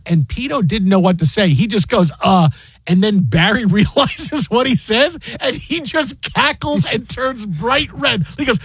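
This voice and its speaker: A man's voice: high voice, expressive, moderate pace, breathy edge, no echo. A man hosting a sports radio show, rambling through a story with many restarts. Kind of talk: casual sports radio chat. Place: radio studio. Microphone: studio mic.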